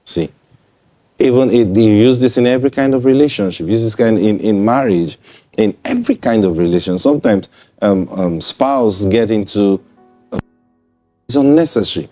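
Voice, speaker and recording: A man's voice: fairly low pitch, animated, normal speed, mellow, faint music behind. A man preaching in a broadcast sermon. He speaks conversationally, repeats himself and checks in with listeners.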